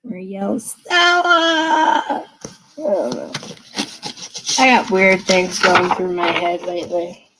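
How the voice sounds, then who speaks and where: Woman reading tarot live at her desk, slow and chatty, keeps checking in with a gentle "okay?". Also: lowish voice, little pitch movement, background noise. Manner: chatty, reassuring, often asks okay. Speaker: tarot card reader. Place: seated at a desk.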